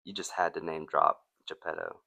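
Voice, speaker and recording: Young male co-host: deep, bright tone, dry casual banter. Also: flat delivery, moderate pace, vocal fry, lo-fi sound. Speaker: podcast co-host. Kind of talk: casual chat.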